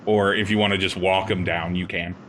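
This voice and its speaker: A man's voice: low voice, level tone, a little fast, fairly bright tone, slight background noise. A man running a tabletop game as game master, narrating in a laid-back way with many uh's.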